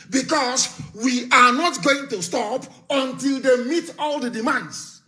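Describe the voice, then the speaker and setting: A man's voice: very high voice, unhurried, sharp tone. A man giving a live political broadcast speech as an activist leader, fiery, scornful and emphatic, repeating his warnings. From Nigeria.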